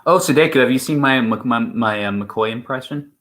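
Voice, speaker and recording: A man's voice: medium pitch, normal speed, fairly bright tone. A man co-hosting a stream in casual chat, rambling and opinionated, with many restarts. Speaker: stream co-host.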